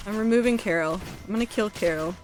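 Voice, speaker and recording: A woman's voice: medium pitch, fast, music in the background. Woman streamer, casual rambling chat, playful and self-deprecating. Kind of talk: casual chat while gaming.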